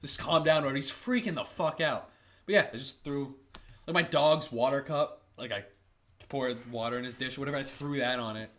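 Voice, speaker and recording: A man's voice: mid-range voice, moderate pace. A young man co-hosting a podcast, telling stories in casual chat, acting out quotes and swearing a lot. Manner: animated storyteller, acts out quotes, swears a lot. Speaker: podcast co-host.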